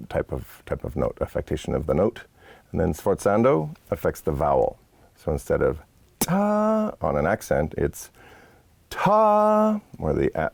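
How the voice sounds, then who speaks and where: Deep gravelly guy explaining horn articulation, dark dry sound. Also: no echo. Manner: patient, explanatory, casual asides. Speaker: horn teacher. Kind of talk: instructional lesson. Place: studio set.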